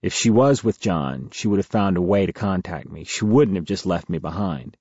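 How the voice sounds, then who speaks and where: A man narrating a first-person novel as an audiobook in a steady, measured way. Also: low voice, breathy edge, dry recording, highs cut off.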